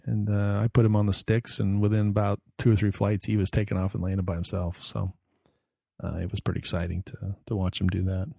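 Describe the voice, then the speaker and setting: Gravelly, mellow-voiced man telling stories. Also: on the low side, level tone, brisk, no room sound, clean studio sound. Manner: rambling storyteller, acts out quoted dialogue. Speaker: podcast co-host. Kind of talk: casual chat.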